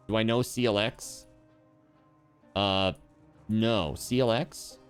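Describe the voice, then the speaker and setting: A man's voice: lowish voice, fairly even intonation, takes it slowly, clear, resonant tone, soft background music. A man streaming a video game, chatting casually and teasingly with his viewers as he plays. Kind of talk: casual chat while gaming on stream.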